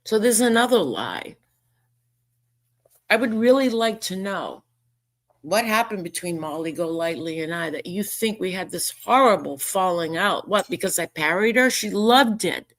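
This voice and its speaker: A woman's voice: lowish voice, animated, normal speed. A woman vlogging casual commentary, indignant and sarcastic as she reads out messages and mocks them. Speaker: YouTuber responding to a message.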